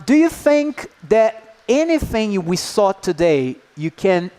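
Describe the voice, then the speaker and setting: A man presenting a live workshop to teachers, lively and engaging, often checking in with the group. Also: high-pitched, slow pace, clear, resonant tone. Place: indoor workshop room.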